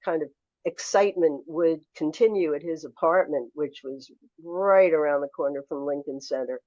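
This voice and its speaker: Low-voiced older woman telling stories. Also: normal speed, no echo, dull audio. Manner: animated anecdotal storyteller. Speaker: memoir author guest. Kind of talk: storytelling in a podcast interview.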